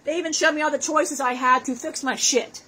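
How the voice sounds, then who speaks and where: Spirit of a crude, wisecracking dead man, channeled by a woman; high, profane, self-mocking. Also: steady tone, brisk, sharp tone, rough recording. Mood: brash joking.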